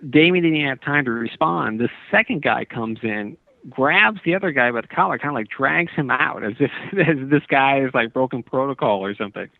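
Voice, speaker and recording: A man's voice: mid-range voice, lively intonation, normal speed, creaky, no echo. A male author as a radio interview guest, telling a long story in a meandering, earnest way with many restarts. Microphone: phone. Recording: tinny dry phone line.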